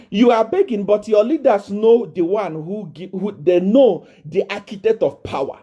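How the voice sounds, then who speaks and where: A Nigerian man preaches to a congregation, calling himself a prophet. Boastful and defiant, he repeats himself and builds to shouting, his high, slightly rough voice moving at normal speed with few pauses.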